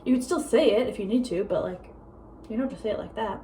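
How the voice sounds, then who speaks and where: A young woman vlogging casually at home, a self-described fast talker who rambles with many fillers. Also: mid-range voice, warm tone, slight background noise, rough recording. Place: home with a meowing cat.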